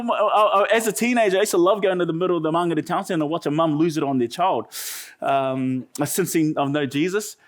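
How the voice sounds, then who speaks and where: A man's voice: high voice, fairly quick. A man with a New Zealand accent preaching a sermon, telling a humorous story with chatty asides to the congregation. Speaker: pastor.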